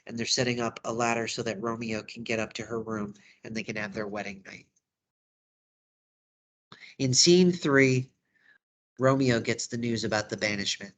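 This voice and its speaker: A man's voice: medium pitch, moderate pace. Man, drama teacher, casual lesson recap, conversational explaining.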